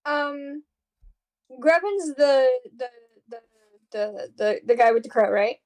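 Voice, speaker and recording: A woman at a tabletop game with a high, light voice. She speaks slowly and haltingly, repeating words while she gathers her question. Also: animated, darkish tone. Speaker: player. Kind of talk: casual tabletop game chat.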